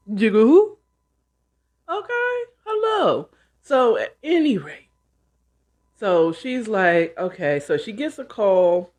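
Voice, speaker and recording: A woman host casually retelling a novel she's reading, with chatty, animated asides. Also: mid-range voice. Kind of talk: casual book retelling and commentary.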